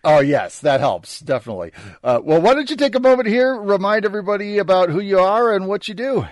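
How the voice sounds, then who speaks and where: A man from the American Midwest, hosting a film podcast in friendly, relaxed chat. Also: high-pitched, a little fast, no echo, studio quality. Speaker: podcast host. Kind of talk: casual chat.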